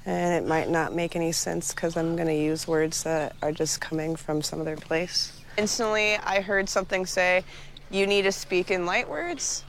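A woman speaks with earnest, searching sincerity in a low, gravelly voice. The clip has a faint hiss of background noise. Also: moderate pace. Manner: earnest, airy, searching for words. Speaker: documentary subject. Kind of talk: earnest spiritual speech.

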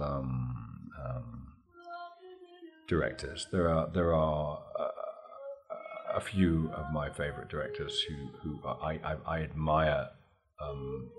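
Man, deep low voice, animated anecdotes, laughs a lot, interview guest. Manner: animated, laughs often, acts out dialogue in stories. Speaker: actor guest.

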